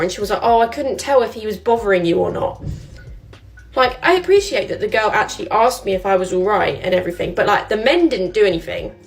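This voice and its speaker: A woman, telling a story casually with lots of fillers. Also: medium pitch. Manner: chatty, filler-heavy retelling. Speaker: vlogger.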